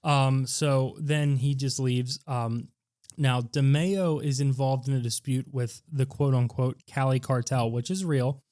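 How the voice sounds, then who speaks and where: A man's voice: mid-range voice, fairly even intonation, a little slow, no room sound. A man talking through a film plot on a podcast, rambling and looping back on himself. He mimics characters with abrupt bursts of volume. His voice sits mid-range and is recorded close and dry. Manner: rambling, acts out quotes with sudden loud jumps. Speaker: podcast co-host. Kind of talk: casual movie recap chat.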